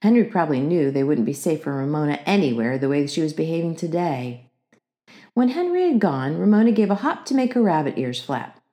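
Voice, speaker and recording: A woman narrating a children's book aloud with expressive storytelling. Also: low voice, brisk. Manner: expressive storytelling with acted character voices.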